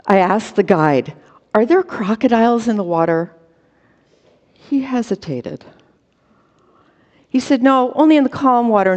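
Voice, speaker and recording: A woman performing a comic true story for a storytelling contest, with dramatic timing and short, punchy phrases over a video call. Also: mid-range voice. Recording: dull lo-fi audio with long reverb.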